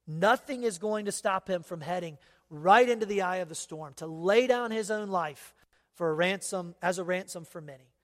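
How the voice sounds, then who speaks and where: High-pitched guy preaching in a church, lots of "right?", echoey sanctuary. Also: moderate pace. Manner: emphatic preaching, rhetorical "right?" asides. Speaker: pastor. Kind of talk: sermon.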